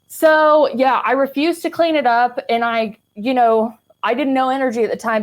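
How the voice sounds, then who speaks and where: A young adult woman from the American Midwest, a podcast guest, telling her personal story in a frank, chatty way with lots of "like" and casual swearing. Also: a little high. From Kansas City, Missouri, US.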